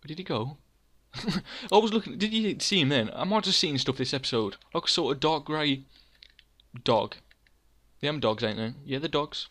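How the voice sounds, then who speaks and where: A man's voice: fairly high pitch, lively intonation, normal speed, fairly bright tone. A young man, hosting casual gameplay commentary in a rambling, self-mocking way, often talking to himself by name. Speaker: let's play host.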